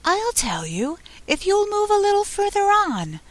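A woman voicing a gentle young fawn with a soft, sweet voice in a storybook reading. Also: very high voice, wildly swooping pitch, a little slow, voice pushed up, heavily acted. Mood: delighted.

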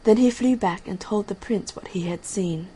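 A woman reading a fairy tale aloud in a gentle, measured way, giving the characters' lines softly. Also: medium pitch, breathy edge, rough recording. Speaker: storyteller. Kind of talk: storybook reading.

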